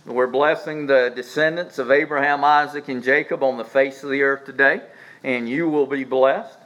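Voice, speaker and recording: A man preaching a sermon as pastor, swinging from quiet low asides up to emphatic high peaks, often restarting his phrases. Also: steady tone, normal speed, dull audio. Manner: repeats words and restarts phrases while speaking.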